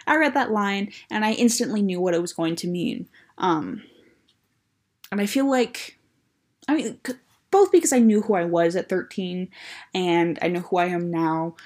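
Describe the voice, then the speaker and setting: A woman's voice: lowish voice, darkish tone. A woman casually commenting on and reading aloud her teenage fan fiction, rambling, frank and self-mocking. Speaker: video host reviewing her own teenage fan fiction.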